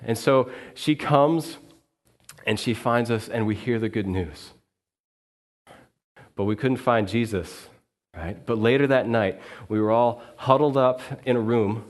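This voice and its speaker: A male minister giving an earnest first-person sermon monologue in character, quiet and reflective in the sad parts, lively when the story turns. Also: on the low side. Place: church sanctuary.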